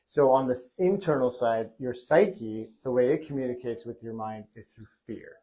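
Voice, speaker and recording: A man hosting a casual motivational chat, energetic and coach-like. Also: mid-range voice, moderate pace. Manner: energetic, coach-like pep talk. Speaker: host.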